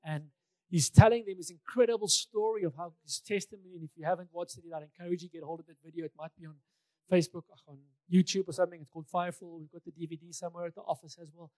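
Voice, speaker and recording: A man's voice: high voice, fairly even intonation, very fast, warm tone, no echo. A male pastor preaching a sermon in a conversational way, repeating key phrases for emphasis, with touches of light humor.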